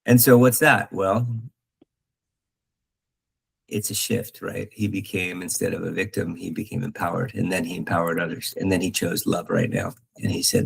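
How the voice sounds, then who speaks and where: A man with a low, gravelly voice and a husky edge talks through spiritual ideas. He is earnest and halting, stopping and restarting often with fillers. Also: animated, poor audio. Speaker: podcast host. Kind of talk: reflective spiritual talk.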